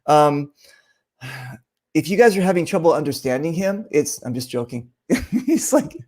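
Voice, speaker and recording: A man's voice: on the high side, sing-song, unhurried, darkish tone, slightly rough. A man hosting a casual interview, talking loosely with plenty of fillers. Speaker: host.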